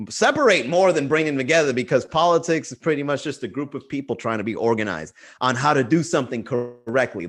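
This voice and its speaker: A man hosts a casual comedy livestream from home, talking into a computer mic. His voice sits fairly high and swings widely in pitch. He riffs loosely and swears freely, and slips into other people's voices as he goes. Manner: profane, riffing, acts out quoted voices.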